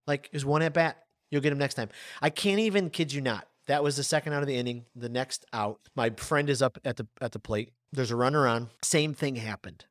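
Male podcast host, 40s, lively storytelling delivery, dry sound. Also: mid-range voice, no echo. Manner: animated storyteller, lively swings in loudness.

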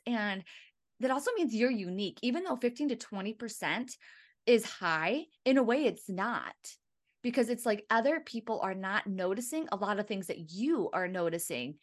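A woman hosting a podcast in casual chat, chatty and quick to laugh, with animated asides. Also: mid-range voice. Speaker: podcast host.

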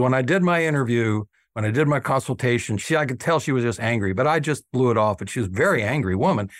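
A man's voice: mid-range voice, no echo, clean studio sound. An older man, an oral surgeon, earnestly telling patient stories in an interview. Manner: earnest, acts out patient quotes. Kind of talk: storytelling interview talk.

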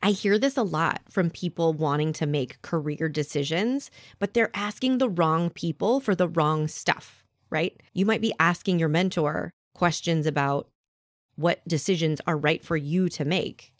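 A woman in her thirties hosting a solo podcast, talking to the listener in an animated, conversational way. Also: deep voice, unhurried, dry recording, clean studio sound. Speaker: podcast host.

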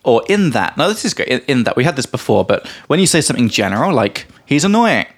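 A young man with a husky, mid-range voice, big pitch swings and a quick pace hosts a podcast as an English teacher. His casual teaching chat rambles with many fillers, laughs and mimicked voices, explaining words as he goes.

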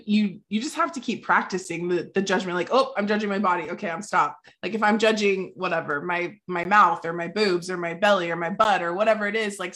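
A woman hosting a casual podcast conversation, enthusiastic and reflective, with soft agreeing murmurs. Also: medium pitch. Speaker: podcast host.

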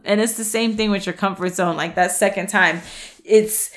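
Casting note: woman coach, casual pep talk, mid pitch, blunt and chatty, lots of restarts. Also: expressive, normal speed. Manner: chatty, frank, laughs and swears, many restarts. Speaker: happiness and nutrition coach.

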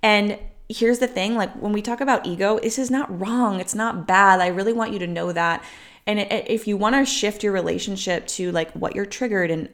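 A woman's voice: medium pitch, fairly bright tone. A young adult woman hosting a podcast as a business coach, talking in a casual, chatty, upbeat way and leaning on "like" and "right?". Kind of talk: casual motivational monologue.

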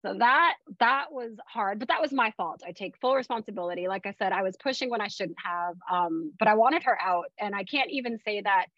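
A woman's voice: mid-range voice, fairly quick, few pauses, no echo. Chatty woman, dull dry recording. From Florida. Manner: chatty, animated retelling, frequent fillers. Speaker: guest. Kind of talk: casual personal storytelling.

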